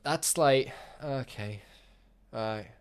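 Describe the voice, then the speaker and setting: A young man in casual film review chat, animated, swearing and acting out mock quotes. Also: mid-range voice, extremely slow, clear, resonant tone.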